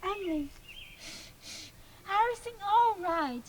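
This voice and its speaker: A woman's voice: extremely high pitch, lively intonation, measured pace, slight background noise. A woman acting the bride's father in an amateur stage play, speaking in a coaxing, reassuring way.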